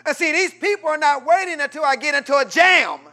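A man pastor preaching a sermon, quizzing his congregation in call-and-response and swinging from loud exhortation to low asides. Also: a little fast.

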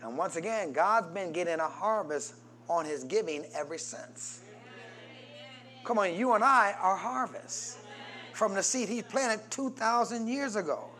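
A man preaching a sermon as pastor, calling out to the congregation for answers and swinging between loud peaks and soft low passages. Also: expressive, unhurried. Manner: call-and-response preaching, prompting the congregation.

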